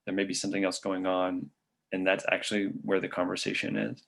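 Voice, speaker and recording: A man with a low, gravelly voice answers audience questions after a medical webinar. He speaks in a relaxed, conversational way, thinking aloud and leaning on fillers as he explains. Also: fairly quick. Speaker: physician presenter.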